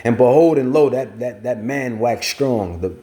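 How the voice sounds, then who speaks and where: A man's voice: medium pitch, unhurried, warm tone. A man preaching and reading scripture at length, rambling and repeating phrases for emphasis, with features. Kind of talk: scripture teaching.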